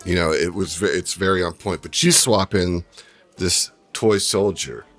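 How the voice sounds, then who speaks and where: Male game master, low voice, loose and chatty narration. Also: unhurried, soft background music. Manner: relaxed storyteller with many fillers.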